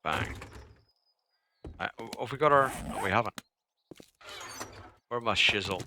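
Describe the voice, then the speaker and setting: A man's voice: on the low side, lively intonation, unhurried, noisy background. A young man streaming a survival game live, chatting casually, swearing now and then, grumbling at the game and answering his chat. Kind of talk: live gameplay commentary.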